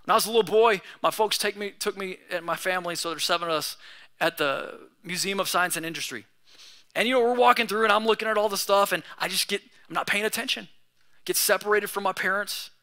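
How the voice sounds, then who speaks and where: A man's voice: sits high, fast, bright, forceful tone. A young man preaching a sermon as pastor, in a casual, conversational way with slang.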